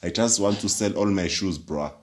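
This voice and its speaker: Very deep-voiced laid-back man. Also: moderate pace. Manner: laid-back, laughs often. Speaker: podcast host. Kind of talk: casual chat.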